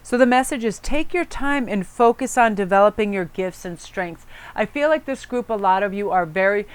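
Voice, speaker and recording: A woman leads a spiritual pick-a-card reading in a clear, smooth voice. She talks in a soothing, relaxed way, wandering off into asides and correcting herself as she goes. Her pitch sits in a middle range for a woman. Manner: chatty, rambling, self-correcting. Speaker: tarot card reader.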